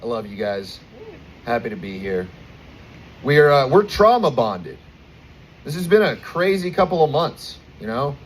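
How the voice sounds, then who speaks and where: Twenties American guy doing stand-up, crude and animated, middle-pitched voice, a faint hum of noise behind. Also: a little slow, pauses often, rough recording. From United States. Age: 20s. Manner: crude, animated storytelling with acted-out quotes. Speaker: stand-up comedian. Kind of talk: stand-up comedy set. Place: outdoors at a bar.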